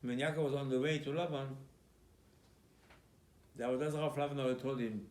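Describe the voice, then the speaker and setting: A man's voice: medium pitch, steady tone, fast, a little mellow. A man giving a sermon as a rabbi, telling the story emphatically and acting out exchanges between biblical figures. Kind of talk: Purim sermon. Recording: echoey room.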